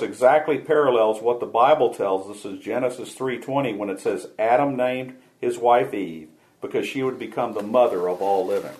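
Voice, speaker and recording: A man hosting a radio show, reading a scripted dialogue aloud in a measured way. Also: medium pitch, a little mellow, low-quality recording.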